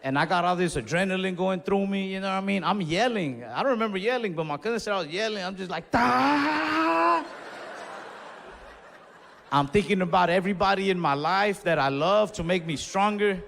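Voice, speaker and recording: A young man telling a stand-up story in a laid-back, swearing way, acting out his own yells. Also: sits high, quick pace, vocal fry, few pauses, a little hiss or hum. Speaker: stand-up comedian. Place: comedy club stage. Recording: live stage recording in a reverberant hall.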